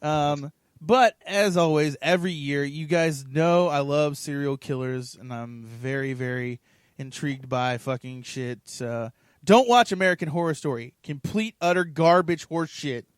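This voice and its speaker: A man's voice: fairly high pitch, a little slow, clean tone, no echo, studio quality. A man co-hosting a podcast in loose, slangy, profane chat. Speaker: podcast co-host. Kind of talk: casual chat. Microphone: own mic at a desk setup.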